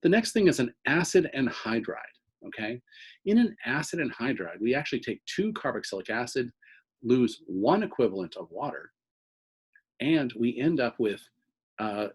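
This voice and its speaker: A man's voice: mid-range voice, lively intonation, normal speed, husky, low-quality recording. A man teaching organic chemistry in a recorded lecture, explaining step by step and often checking in with "okay?".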